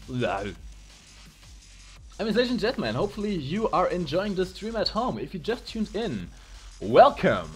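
A man commenting live on a video game match with playful, joking banter. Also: on the high side. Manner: playful, jokey, fast banter. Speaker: esports commentator.

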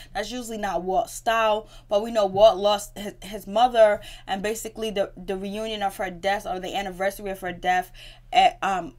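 Chatty woman recapping a TV episode. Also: mid-range voice. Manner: chatty, slangy, laughing retellings. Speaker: TV recap vlogger. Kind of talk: casual recap commentary.

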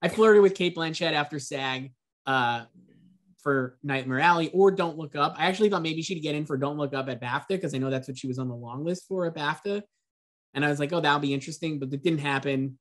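Man, higher-pitched voice, relaxed wry awards pundit. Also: fairly quick. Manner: easygoing and wry, lays out arguments. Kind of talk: casual panel discussion.

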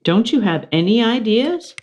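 A woman voicing a kind, patient schoolteacher who speaks warmly and encouragingly to her class. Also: on the high side, sing-song, unhurried, highs cut off, slight background noise, pitched above the performer's own voice. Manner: warm and encouraging.

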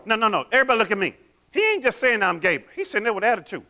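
Animated, high-voiced preaching man. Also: racing. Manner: animated, quizzes the congregation with call-and-response questions. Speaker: pastor. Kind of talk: sermon.

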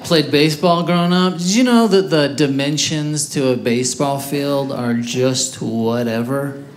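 Man, stand-up comic, matter-of-fact delivery, slightly high voice, faint crowd murmur. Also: unhurried, a little hiss or hum. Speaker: stand-up comedian. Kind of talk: stand-up routine. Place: comedy stage before a live audience.

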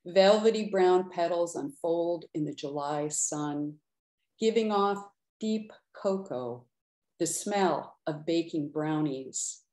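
A middle-aged woman giving a slow, measured poetry reading with brief asides. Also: lowish voice, darkish tone, roomy sound. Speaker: poet reading her work.

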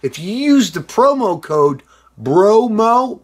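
A man's voice: a little high, moderate pace. Tipsy, rambling middle-aged man. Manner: rambling and excitable, with loud outbursts and profanity. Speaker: former band member showing a reissued album. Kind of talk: casual unscripted video monologue.

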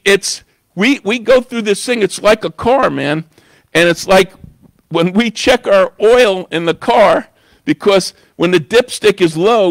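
A man's voice: sits high, dry recording. A man preaching a sermon in church, talking in a conversational way and often asking "you know?". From New York. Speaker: guest preacher.

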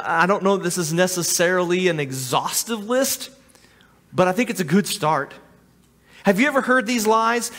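A man's voice: high voice, fairly bright tone, big-room sound. A man preaching as a pastor in a church sanctuary, earnest and often repeating or restarting his words. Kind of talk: sermon.

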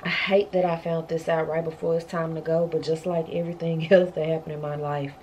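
A woman's voice: low-pitched, level tone, brisk, darkish tone, a little hiss or hum. A woman, chatting emotionally to her viewers in a casual vlog. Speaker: vlogger, mother.

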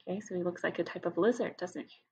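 A woman teacher reading a picture book aloud to her class, expressive and stopping to ask questions. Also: on the low side, quick pace, slight background noise. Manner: expressive, asks listeners questions.

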